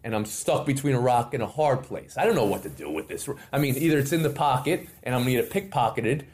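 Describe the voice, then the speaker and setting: Lively storytelling man, animated voice. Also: medium pitch, fast. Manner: lively, theatrical, acts out other people's lines. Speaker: interview guest.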